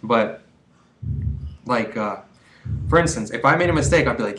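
Brief: twenties male vlogger, mid-pitched, casual and earnest, rambles and restarts. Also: animated, a little fast, pauses often, fairly bright tone, low-quality recording. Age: 20s. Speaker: vlogger giving quitting advice. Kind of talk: casual advice vlog.

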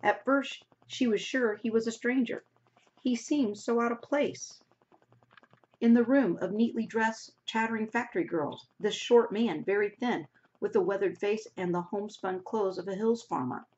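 A woman's voice: mid-range voice, normal speed, a little mellow. A woman teacher reading a novel aloud to her class, stopping now and then to explain words in a casual way. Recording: dull lo-fi recording.

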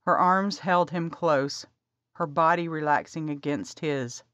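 A woman narrating an audiobook in a calm, measured reading. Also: deep voice, no echo. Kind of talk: scripted narration. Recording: dry, slightly dull audio.

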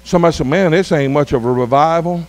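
Middle-aged pastor with a high voice, preaching a revival in drawn-out emphatic phrases. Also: male voice. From Arkansas. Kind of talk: revival sermon.

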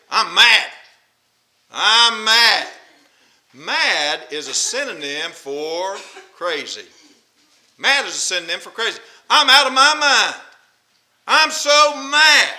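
A man preaching a sermon, animated, acting out angry quotes and repeating his points for emphasis. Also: high-pitched.

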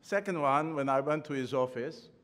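A man's voice: fairly high pitch, moderate pace, fairly bright tone. Older man with a non-native accent, chuckling through a eulogy. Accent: non-native English accent. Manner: humorous, chuckling storyteller, slightly non-native grammar. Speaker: memorial speaker, former professor and trustee. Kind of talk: eulogy of personal anecdotes. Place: large ballroom at a podium.

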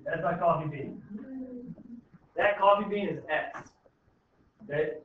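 Guy teaching math to a class, keeps saying okay?, kinda high voice, sounds far off in a boomy classroom, tinny. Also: slow pace, slight background noise. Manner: informal, repeats "okay?" to check understanding. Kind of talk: classroom lecture. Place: school classroom. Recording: echoey room, tinny far-off mic.

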